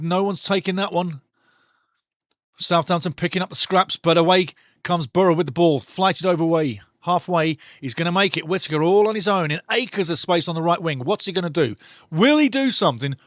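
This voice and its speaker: A man's voice: fairly high pitch, fairly bright tone, no echo, clean studio sound. A man doing passionate live football commentary for a watch-along, mocking the referee and bantering with the chat.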